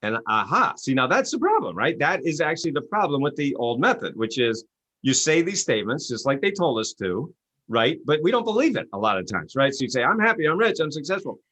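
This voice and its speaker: A man's voice: fairly quick, dry recording. A man, an author and coach, telling stories in an interview and acting out quoted voices. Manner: animated, acts out quotes with rising pitch. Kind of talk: interview guest storytelling.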